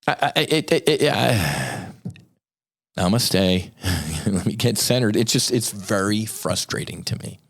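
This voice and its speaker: A man with a somewhat low voice, speaking as a podcast guest and nonprofit founder. He rants in a profane, rambling way and slips sarcastic asides into his argument. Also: lively intonation, measured pace, gravelly, slightly rough. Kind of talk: impassioned podcast rant.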